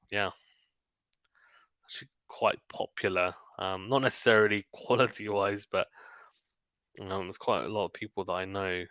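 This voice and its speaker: A man with a lowish, bright and forceful voice calls a tennis match live, shot by shot. Between points he slips into relaxed, offhand chatter. The sound is close and dry. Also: smooth, dry recording. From Britain. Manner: rapid calls of the rally mixed with quiet chatty asides. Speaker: stream commentator. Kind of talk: live play-by-play commentary.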